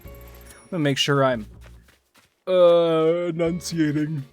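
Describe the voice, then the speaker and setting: A man's voice: on the high side, fairly even intonation, slow pace, faint music behind. A man chatting casually on a gaming livestream, rambling, joking and swearing. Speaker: streamer.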